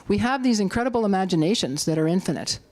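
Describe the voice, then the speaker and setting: Speaking fast, a middle-aged woman with a Canadian accent delivers an animated activist talk at a community hall. She stirs up her audience and performs quotes in a high voice.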